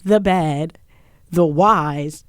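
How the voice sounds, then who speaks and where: A woman's voice: low-pitched, drawn-out words. A woman hosting a casual podcast, talking loosely with profanity and laughs. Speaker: podcast host. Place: studio round table.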